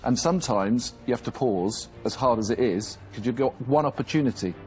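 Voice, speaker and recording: Male investor, steady and reassuring. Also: mid-range voice, brisk, soft background music. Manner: reassuring, advising.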